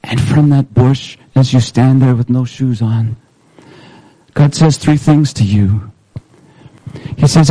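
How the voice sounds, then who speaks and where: A man's voice: medium pitch, steady tone, takes it slowly, long pauses, dark tone, no echo, low-quality recording. A man, a pastor, preaching a sermon in a church service, leading listeners through a story in the second person, earnest and repeating words as he restarts.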